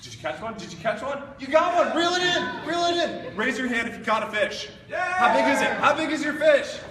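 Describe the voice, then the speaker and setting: A man animatedly leading children through a pretend hike as a recruiting pitch. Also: sing-song, brisk. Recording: echoey hall with long reverb, distant mic, noise.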